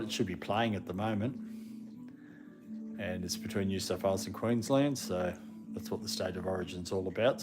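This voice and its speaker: Male streamer, casual rambling chat, low-pitched, music bed audible. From Australia. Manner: rambling and chatty, breaks off to scold his dogs. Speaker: live streamer. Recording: music playing in the background.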